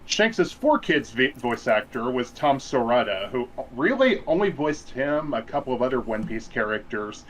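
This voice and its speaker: A man's voice: medium pitch, sing-song, normal speed, hardly any pauses, fairly bright tone, slight background noise, low-quality recording. A man co-hosting a casual anime podcast, exasperated about dub edits, with lots of "you know" restarts. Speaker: podcast co-host.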